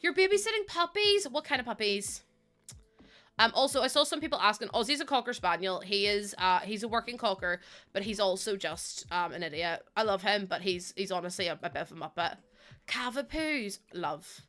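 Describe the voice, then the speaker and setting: Her voice is mid-range, bright and forceful, and she talks briskly and with animation. This woman is streaming from home into a desk mic during a game, chatting loosely in a rambling, filler-heavy storytelling style.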